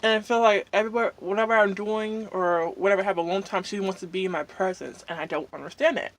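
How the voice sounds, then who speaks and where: Between mouthfuls, this woman mukbang vlogger chats away quickly in a steady, medium-pitched voice. Her talk is loose and rambling, part venting, packed with fillers and happy little hums as she eats.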